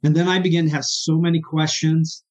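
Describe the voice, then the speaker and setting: A man with a voice pitched a bit high speaks as an interview guest, earnest and halting as he tells his story, often stumbling over his words with feeling. The recording sounds dull and lo-fi. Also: flat delivery, darkish tone. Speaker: guest, therapist.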